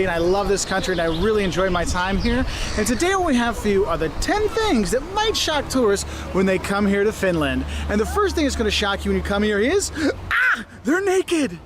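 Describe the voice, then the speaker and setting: A man, a travel vlogger, presenting outdoors on a city street in a lively, jokey way. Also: sits high. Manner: animated, jokey, mimics voices. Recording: street noise and passing traffic. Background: traffic and city ambience.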